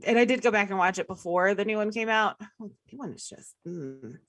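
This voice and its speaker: A woman's voice: medium pitch, expressive, fairly quick, a bit bright, no room sound. A woman co-hosting a live podcast stream, chatting casually and joking with laughter. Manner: chatty, jokey, laughs often. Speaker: podcast co-host.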